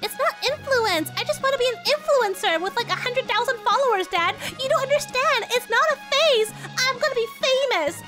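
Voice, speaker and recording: Bratty young princess, played by a woman, valley-girl, high and lively. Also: moderate pace, few pauses, music in the background. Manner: whiny, valley-girl, dramatic. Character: bratty spoiled young princess, wannabe influencer.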